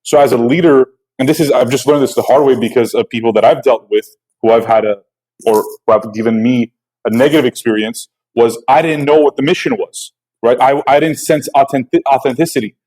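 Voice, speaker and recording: A man's voice: medium pitch, fairly even intonation, fairly quick, darkish tone, low-quality recording. A man hosting a podcast interview, talking things through in a conversational, questioning way with many fillers. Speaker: podcast host.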